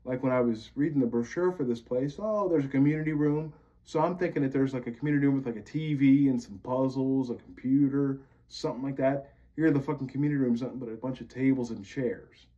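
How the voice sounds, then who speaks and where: A man's voice: medium pitch, fast, few pauses, warm tone. Bitter, profane man ranting on a dull recording. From Pennsylvania. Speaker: vlogger. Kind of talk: venting monologue to camera.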